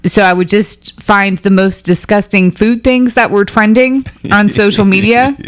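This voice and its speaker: A woman with a middle-pitched voice tells a story with dry humor. She is a radio host trading remarks in easy chat. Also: steady tone, measured pace, clean tone. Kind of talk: casual chat.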